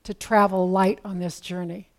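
A woman's voice: mid-range voice, level tone, normal speed. A woman preaching a sermon in a conversational, storytelling way with casual asides.

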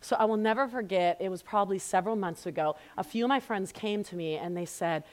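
A woman in her thirties teaching a women's Bible study, telling family stories in an earnest, storytelling way and praying in a hushed voice. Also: medium pitch, fast talker. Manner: warm, storytelling, earnest, softening to a hushed prayer. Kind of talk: women's ministry teaching talk. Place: church women's gathering, live audience.

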